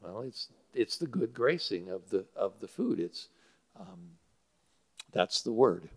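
A man's voice: mid-range voice, sing-song, takes it slowly, vocal fry. A male pastor preaching a sermon that explains Greek word roots, with frequent fillers. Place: church sanctuary. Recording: church hall with long reverb.

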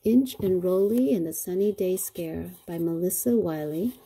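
Teacher, female: slow, patient read-aloud voice with a gravelly, husky tone. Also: lowish voice, warm tone. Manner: asks children questions, slow and patient. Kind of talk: picture-book read-aloud lesson.

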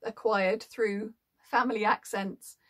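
A woman's voice: medium pitch, fairly even intonation, slow pace, fairly bright tone. A woman working as an audiobook narrator, explaining her work in a casual, thoughtful way with frequent ums. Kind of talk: casual explanatory talk to camera.

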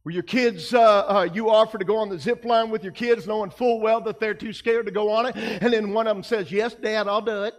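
A male pastor preaching a sermon, emphatic, his delivery swinging between soft passages and loud ones. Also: high-pitched, fairly even intonation, fairly quick, few pauses, in a large hall. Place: church sanctuary.

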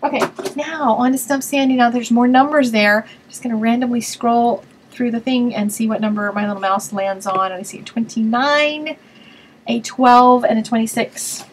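A woman's voice: fairly high pitch, normal speed, breathy edge, low-quality recording. Chatty woman thinking aloud while crafting. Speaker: host of a card-making web show. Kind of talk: casual live-stream crafting chat.

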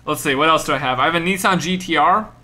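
A young man streaming a game, giving energetic commentary and often repeating himself. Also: fairly high pitch, fast talker. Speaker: gaming streamer. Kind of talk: excited live gameplay commentary.

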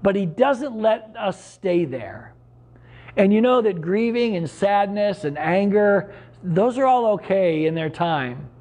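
A man's voice: high-pitched, animated, takes it slowly, a little mellow. A middle-aged man preaching a sermon as pastor, earnest and conversational, with sudden emphatic rises.

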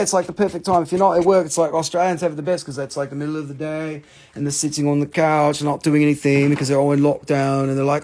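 An American man hosting a live sales stream, talking in an excitable, rambling way with casual swearing. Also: fairly high pitch, brisk. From United States.

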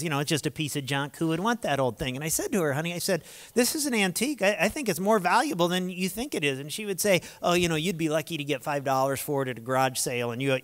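Male preacher, slightly raised voice, animated storytelling sermon with humor, recorded in a big reverberant hall. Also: on the high side. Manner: animated storyteller acting out dialogue, humorous asides. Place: large lecture hall.

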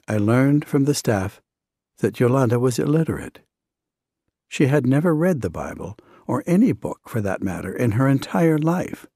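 A man narrating a devotional book in the first person, with a measured, earnest reading. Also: medium pitch, a little mellow, slightly rough, no room sound, studio quality. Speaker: audiobook narrator.

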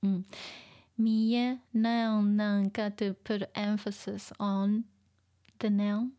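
A woman in a mid-pitched voice leads a casual vocabulary lesson. She talks softly and chattily and switches between Japanese and English. Small laughs and gentle fillers run through her explanations. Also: level tone, takes it slowly. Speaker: Japanese teacher.

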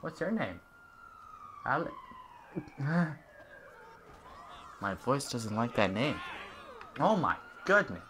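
A man's voice: medium pitch, sing-song, unhurried, long pauses, a bit bright, a little hiss or hum. A young man giving casual, jokey gameplay commentary and chatting at the game characters. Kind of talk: casual let's-play commentary.

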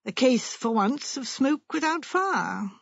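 A woman voicing a grave older gentleman, a former police chief, speaking in a measured way. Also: high-pitched, very animated, creaky, slightly rough, dry recording, heavily acted. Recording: muffled lo-fi.

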